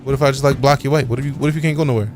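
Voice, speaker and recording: A man's voice: medium pitch, steady tone, rapid-fire. A man live-streaming a game, chatting casually with his viewers and joking around with playful, mock-offended trash talk full of slang.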